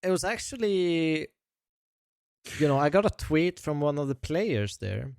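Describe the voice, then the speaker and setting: A male podcast co-host explains things in a measured way, often pausing to hesitate. His voice is smooth and resonant, and the recording is dry and close. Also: fairly high pitch, big pitch swings, a little mellow, no room sound. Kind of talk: casual podcast chat.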